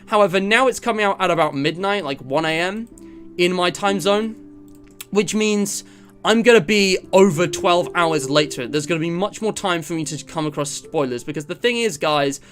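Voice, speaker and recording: A man's voice: high-pitched, normal speed, fairly bright tone. A man from England chatting casually on a live stream, rambling with lots of fillers and self-deprecating asides. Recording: music playing under the voice.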